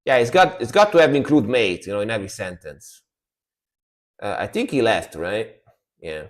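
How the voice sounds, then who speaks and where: A man chatting casually on a music reaction live stream, laid-back and rambling, often trailing off quietly. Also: on the low side, animated, moderate pace.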